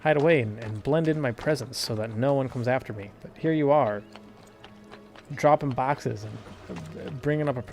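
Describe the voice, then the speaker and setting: A man's voice: medium pitch, moderate pace, gravelly, a little mellow, faint music behind. A young man giving casual, profane, rambling commentary as he plays a video game, laughing often. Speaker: gameplay commentator. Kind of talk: casual let's-play commentary.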